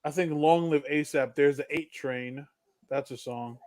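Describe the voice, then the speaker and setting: Man, podcast co-host, casual banter, joking, loud laughs, slightly high voice. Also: measured pace. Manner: joking, animated, laughs loudly. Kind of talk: casual chat.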